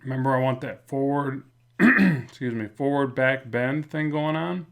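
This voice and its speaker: A man with a slight lisp, talking through a drawing in a relaxed, rambling way as a comic art instructor. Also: medium pitch, measured pace, creaky. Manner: relaxed, rambling, many fillers and restarts. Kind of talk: casual drawing tutorial narration.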